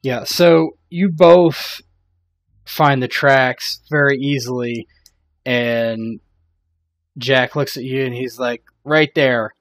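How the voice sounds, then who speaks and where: A man's voice: mid-range voice, steady tone, slow pace, pauses often. A man narrating as game master in a casual tabletop game, loose and rambling, laughing often.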